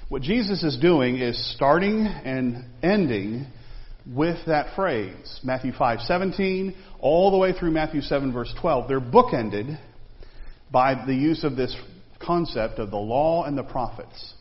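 A man's voice: medium pitch, normal speed. Man teaching Bible study, conversational, quizzes the class, muffled lo-fi sound, long echo tail. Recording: long reverb, dull lo-fi sound.

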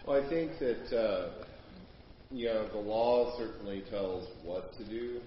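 Deep-voiced man, distant and echoey. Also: a little slow. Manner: thoughtful, talking with "like" and "you know". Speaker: class member. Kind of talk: answering in class discussion. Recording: distant, very echoey and muffled, faint room noise.

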